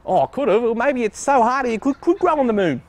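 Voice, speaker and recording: Man, comic sidekick: very high, bouncy voice, eager and silly. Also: lively intonation, a little fast, a little hiss or hum. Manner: goofy, eager, asks naive questions. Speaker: comic co-presenter. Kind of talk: playful tongue-in-cheek banter. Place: outdoors at a plant nursery.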